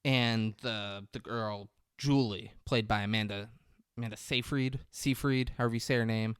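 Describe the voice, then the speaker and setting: A man's voice: on the low side, moderate pace, clear, resonant tone, no room sound, studio quality. A young man co-hosting a podcast, casually retelling a film scene by scene with lots of swearing and acted-out quotes. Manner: profane and animated, acting out quoted lines. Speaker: podcast co-host.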